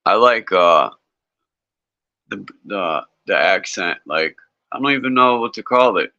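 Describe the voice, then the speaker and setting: A man's voice: lowish voice, expressive, a little slow, pushed and bright. A man chatting casually, blunt and swearing now and then. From northeastern United States. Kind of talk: casual chat. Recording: dry, dull lo-fi call audio.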